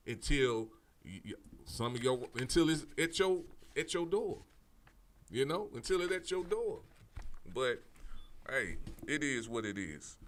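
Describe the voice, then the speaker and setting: A man hosting a political commentary show, talking straight to his audience in a fired-up, preachy way, repeating his points, swearing casually and restarting his sentences often. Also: medium pitch. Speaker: show host.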